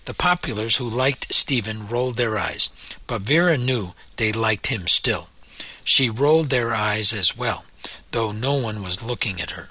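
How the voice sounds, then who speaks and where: A man narrating a novel in a measured storytelling manner. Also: fairly low pitch, sharp tone, no echo. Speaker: audiobook narrator. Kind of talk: scripted narration.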